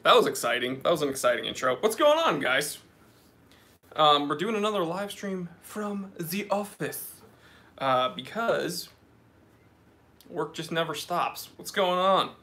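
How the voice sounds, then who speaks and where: Male live-stream host, casual and joking, bright and slightly high voice, greeting chat viewers by name. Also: lively intonation, a little slow, long pauses. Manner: reads out viewer names and comments, chatty and joking. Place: office.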